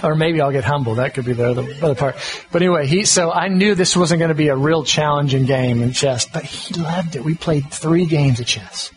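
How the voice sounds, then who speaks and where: A middle-aged man preaches in a relaxed, folksy way. His voice sits a touch higher than most men's, and he talks like he's chatting with friends. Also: fairly quick, poor audio. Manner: folksy, conversational, self-deprecating. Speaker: pastor. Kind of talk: sermon on parenting.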